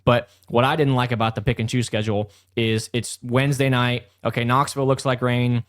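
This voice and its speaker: A man's voice: medium pitch, level tone, fairly quick, dry recording, clean studio sound. A man who races and hosts a podcast, laying out his points in a matter-of-fact way during casual chat. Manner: matter-of-fact, explains numbers plainly. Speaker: race car driver and podcast host.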